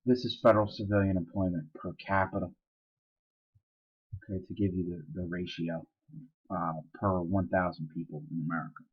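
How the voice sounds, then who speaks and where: A man's voice: low voice, fairly even intonation, moderate pace, slightly rough, lo-fi sound. A man teaching social studies in a casual, explanatory recorded lecture, with fillers and asides.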